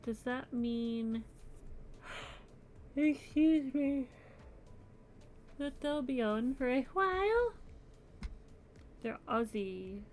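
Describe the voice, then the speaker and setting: A woman's voice: high voice, lively intonation, drawn-out words, pauses often, a little mellow, a little hiss or hum. A young adult woman streaming her crochet, chatting casually and sounding sleepy and yawny. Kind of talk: casual live-stream chat.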